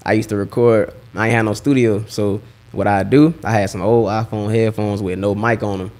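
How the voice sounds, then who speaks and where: A young man with a Southern US accent, a rapper telling stories in a relaxed, slang-filled way during a casual interview. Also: on the low side, moderate pace. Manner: laid-back slang-heavy storytelling. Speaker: rapper and guest.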